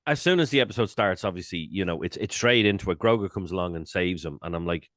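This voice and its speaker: A man co-hosting a casual podcast chat, animated, swearing and acting out his own reactions. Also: low-pitched, quick pace, hardly any pauses, dry recording, clean studio sound. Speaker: podcast co-host.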